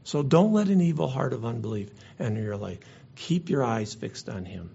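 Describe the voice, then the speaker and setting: A man's voice: mid-range voice, animated, moderate pace, gravelly, mellow, slight background noise. A man preaching a sermon as pastor, earnest and conversational, sometimes restarting his words. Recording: dull lo-fi recording.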